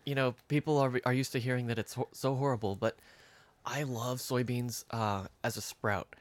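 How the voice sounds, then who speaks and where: A man, a farmer guest on a podcast, explaining eagerly with some halting restarts. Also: medium pitch, steady tone, no room sound. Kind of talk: casual podcast chat.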